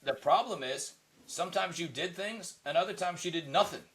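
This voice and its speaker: Podcast co-host, male, fairly high gravelly voice, bright and forceful, rambling casual delivery. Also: normal speed. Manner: rambling, lots of "you know, right?" fillers. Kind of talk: casual chat.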